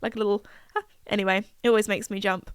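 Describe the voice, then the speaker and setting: A woman's voice: mid-range voice, level tone, rapid-fire, smooth, dry recording. A young woman, chatting casually and rambling on her solo podcast, full of fillers and asides. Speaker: podcast host.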